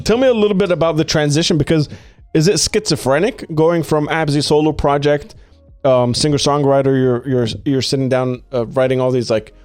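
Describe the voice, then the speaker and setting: A man's voice: on the high side, dry recording. A male podcast host talking casually and enthusiastically with a guest, swearing freely and using lots of fillers.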